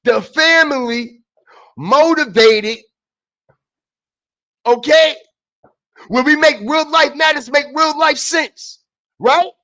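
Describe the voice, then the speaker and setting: High-pitched man in heated profane rant. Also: takes it slowly, pauses often. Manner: repetitive, emphatic, often repeats phrases; shifts between low muttering and shouting. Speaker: streamer commentator.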